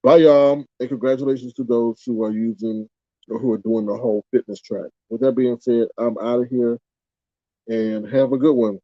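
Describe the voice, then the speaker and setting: A man's voice: mid-range voice, fairly even intonation, moderate pace, warm tone, no room sound. A man hosting a casual livestream, rambling animatedly, firing off indignant rhetorical questions and reading out chat comments. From United States. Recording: dull, muffled sound.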